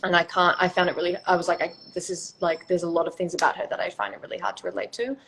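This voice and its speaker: A woman's voice: fairly low pitch, flat delivery, rapid-fire, a bit bright, a little hiss or hum, rough recording. A young woman in casual chat on a phone livestream, chatty and swearing casually, often restarting her sentences. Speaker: actor in a live chat.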